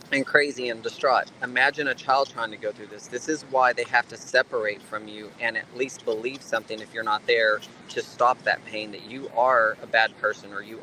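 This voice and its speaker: A man's voice: medium pitch, sharp tone, slight background noise, low-quality recording. A man guest on a talk show, earnestly telling a story and acting out the dialogue in it. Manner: earnest, acts out dialogue in his stories. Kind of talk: conversational storytelling.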